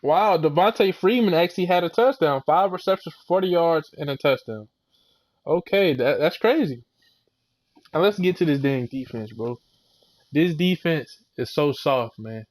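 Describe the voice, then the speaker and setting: A young man ranting a football recap, heated and exasperated, full of slang and mocking quotes. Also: medium pitch. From Florida. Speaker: sports vlogger.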